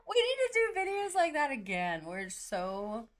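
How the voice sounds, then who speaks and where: A woman's voice: sits high, wildly swooping pitch, measured pace. A woman co-hosting a podcast in casual chat, chatty and laughing often. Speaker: podcast co-host.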